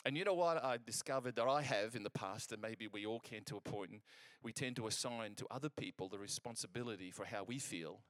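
A man preaching a sermon, telling a personal story in an animated, conversational way and acting out the exchanges, with frequent restarts. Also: on the low side, brisk, hardly any pauses, no echo.

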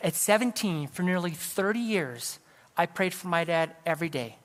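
A man's voice: high voice, animated, normal speed, long reverb tail. A middle-aged man from California, preaching as an evangelist and telling a personal story in a conversational way with self-deprecating jokes. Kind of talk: sermon. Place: church sanctuary.

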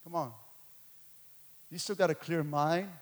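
A man voicing a calm, loving father who gently reassures his faithful son. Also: a little high, unhurried, long reverb tail, voice pushed down, lightly acted. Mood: reassuring. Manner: gentle, coaxing.

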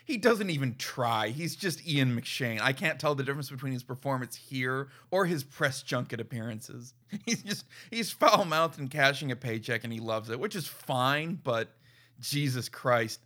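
Sarcastic bright-voiced man. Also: mid-range voice, animated, moderate pace, few pauses. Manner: sarcastic, profane, mocking impressions. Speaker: podcast co-host reviewing a film. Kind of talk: casual chat.

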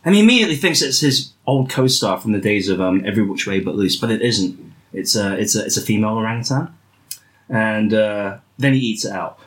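A man hosting an improvised comedy podcast, talking with mock earnestness and slowing down for punchlines. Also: lowish voice, lively intonation. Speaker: podcast host.

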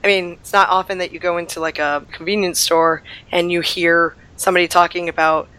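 Woman rambling about her trips, kinda low voice, lots of likes and ums, a bit under the weather. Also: flat delivery, a little fast, bright, forceful tone, smooth. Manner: chatty storyteller, lots of fillers. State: recovering from illness. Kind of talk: casual chat.

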